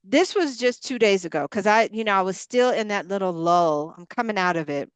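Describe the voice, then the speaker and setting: A woman's voice: mid-range voice, fairly quick, clean tone, no room sound. A woman who coaches women gives a motivational talk in a preaching style, emphatic and blunt. She stacks her points in punchy repetitions, and her voice sounds close and dry. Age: adult mother of grown girls. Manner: emphatic and repetitive, building in punchy parallel lines. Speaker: ministry leader and women's coach.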